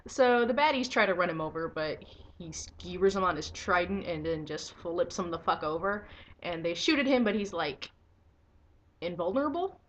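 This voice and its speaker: A young woman giving a casual video review of a comic book, excitable and swearing freely, breaking into enthusiastic squeals. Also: fairly low pitch, normal speed.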